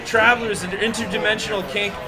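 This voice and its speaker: A man hosting a casual live stream in an arcade, joking and rambling excitedly. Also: high voice, fast talker, a loud crowd. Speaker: stream host.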